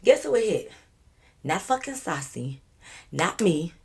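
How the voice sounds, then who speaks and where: A woman vlogger telling a story in a casual way, animated, emphatic and full of swearing. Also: on the low side, measured pace, gravelly.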